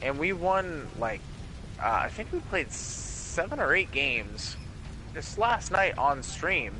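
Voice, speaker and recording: Man streamer, casual storytelling, swearing, lively voice, noisy mic. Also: fairly high pitch, slow. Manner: animated, swearing, dramatic retelling. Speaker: streamer host.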